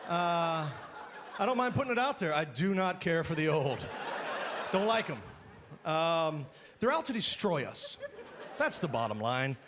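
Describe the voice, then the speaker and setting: A man doing a stand-up comedy routine on a live stage, loud and exaggerated, often shouting his punchlines. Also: on the high side, very animated, measured pace, pauses often. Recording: live stage mic, crowd laughter and noise. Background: audience laughing.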